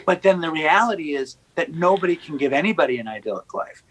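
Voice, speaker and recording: His voice fairly high, bright and animated, the New York City podcast host talks fast on a low-quality recording. Relaxed and wry, he tells joking stories through the conversation.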